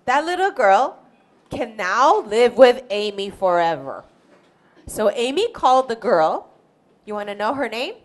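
A woman tells a Bible story to children in a high, clear voice, slow and deliberate. She stays animated throughout and keeps questioning her young listeners.

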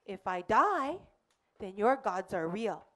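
A woman playing a bold, cheerful male missionary in a children's church skit, animated and playful. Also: mid-range voice, takes it slowly, pitched below the performer's own voice, exaggerated voice. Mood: calm defiance.

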